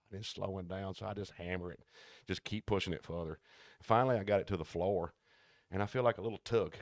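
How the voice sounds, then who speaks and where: A man co-hosting a podcast, telling work stories in a casual, animated way and acting out the people he quotes. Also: low-pitched, no room sound, clean studio sound. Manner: animated storyteller who acts out quoted people. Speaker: podcast co-host. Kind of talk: casual storytelling chat.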